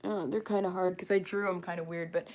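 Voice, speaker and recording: A woman's voice: fairly low pitch, steady tone, fast, a little mellow. A young woman chatting casually on a livestream about her character, rambling with many fillers and restarts.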